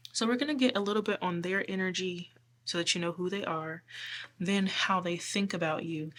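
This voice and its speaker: Woman, hoarse, lower-pitched voice, chatty tarot reader, casual spiritual talk. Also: fairly bright tone, a little hiss or hum. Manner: chatty, tags lines with "okay?". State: hoarse from losing her voice.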